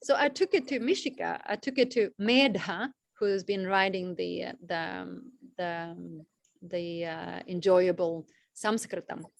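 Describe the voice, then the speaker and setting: A woman leading an online class over a video call, talking slowly with many fillers and restarts. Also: lowish voice, steady tone, vocal fry, no echo. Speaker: class organizer. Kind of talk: casual online class talk.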